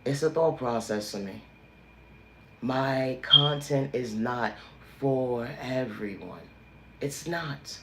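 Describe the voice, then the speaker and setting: A livestream host gives a preachy motivational monologue, returning again and again to emphatic, sermon-like refrains. His pitch is medium and he takes it slowly, in a roomy space with background noise.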